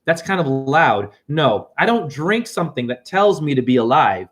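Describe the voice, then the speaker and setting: A middle-aged man giving a fast, profane, rambling spiritual monologue that swings between loud and soft. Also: on the high side, very animated. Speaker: self-styled spiritual teacher.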